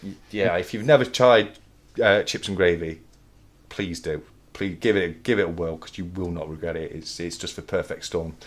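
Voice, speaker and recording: A man from the Midlands with a Northern English accent, hosting a casual chat, halting and repeating himself, often laughing. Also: sits low. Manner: hesitant, repeats words, bursts into laughter. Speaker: host. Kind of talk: casual live-stream chat.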